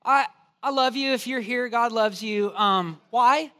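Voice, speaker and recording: A man preaching a sermon as pastor, telling a humorous story in an animated, joking way. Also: extremely high pitch, unhurried. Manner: animated, joking storyteller, acts out quoted voices.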